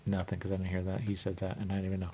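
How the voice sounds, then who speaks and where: Over a noisy background, a male radio host races through a talk-show monologue in a low, monotone voice. He rambles and repeats himself, coming back to the same phrases, drifting into sing-song murmurs, and constantly saying "there you go."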